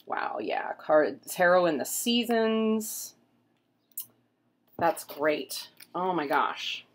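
A woman's voice: fairly low pitch, animated, drawn-out words. A middle-aged woman chatting casually at home as she flips through a book, rambling with lots of fillers. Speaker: tarot reader and vlogger. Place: home room with pets.

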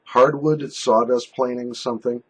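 A man's voice: mid-range voice, steady tone, normal speed, a bit bright, slightly rough, low-quality recording. A man casually reviewing snuff at home in a basement, joking and mock-dramatic. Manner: joking, mock-dramatic, jokey put-on Irish phrases.

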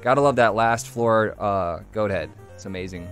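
A man streaming a video game live, joking and reacting excitedly as he chats with viewers. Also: lowish voice, moderate pace, smooth, faint music behind. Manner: excitable, jokey, breaks into song snatches. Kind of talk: live gameplay commentary.

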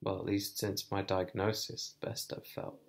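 A man talking to camera in a personal vlog, thoughtful and hesitant, thinking aloud with many pauses. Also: sits low, flat delivery, gravelly. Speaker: vlogger.

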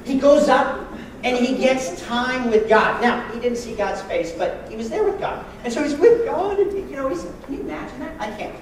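A man preaching a sermon as pastor, joking and lively with sudden loud bursts. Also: extremely high pitch, moderate pace, very echoey, recorded from a distance, slight background noise, poor audio.

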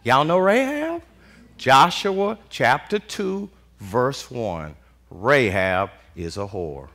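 A man preaching a sermon as pastor, in animated call-and-response style with constant "Amen" and casual vernacular with "y'all". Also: mid-range voice, slow pace. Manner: Southern US Black vernacular speech, "y'all".

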